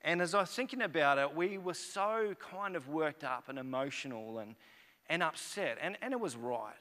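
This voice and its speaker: A man's voice: on the high side, expressive, moderate pace, bright, forceful tone. A man in his thirties, a pastor telling a personal story in a sermon, conversational and rambling with many restarts. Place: church auditorium. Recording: reverberant church hall.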